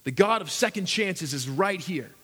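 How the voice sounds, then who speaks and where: A man's voice: sits high, lively intonation, moderate pace, sharp tone, breathy edge. A man preaching a sermon as pastor, earnest and emphatic, firing off rhetorical questions. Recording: echoey hall reverb.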